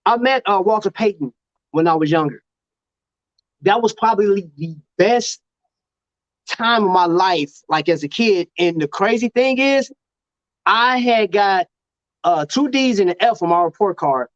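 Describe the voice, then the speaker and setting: A man from Chicago hosting a casual live-stream chat, telling stories in an animated way and laughing often. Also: sits high, unhurried, long pauses, no echo. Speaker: host. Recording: dry, dull lo-fi sound.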